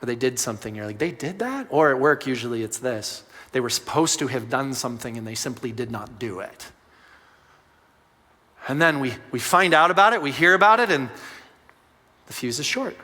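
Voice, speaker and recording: A man's voice: mid-range voice, moderate pace, sharp tone, long reverb tail. A man giving a conversational sermon as pastor, speaking directly to the room.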